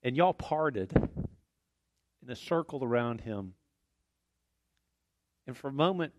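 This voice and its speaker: A man's voice: medium pitch, dry recording. A man preaching a sermon as pastor in a church, folksy and conversational with small jokes. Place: church sanctuary.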